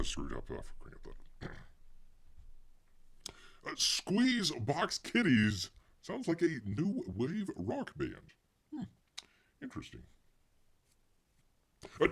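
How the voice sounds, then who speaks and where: A man hosting a casual livestream, rambling to viewers, reading the chat aloud and calling himself Bear in the third person. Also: mid-range voice. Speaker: livestream host.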